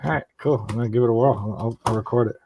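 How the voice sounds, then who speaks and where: A man's voice: mid-range voice, fairly even intonation, very fast, dull audio, a little hiss or hum. A man on a video call chatting casually, rambling through a story with lots of fillers. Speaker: guest. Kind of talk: casual chat.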